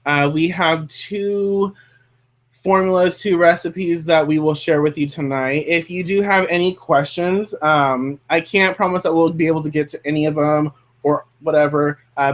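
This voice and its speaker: Male host, casual and chatty, pitched a little high, prone to tangents. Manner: chatty, rambling, goes off on tangents. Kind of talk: casual chat.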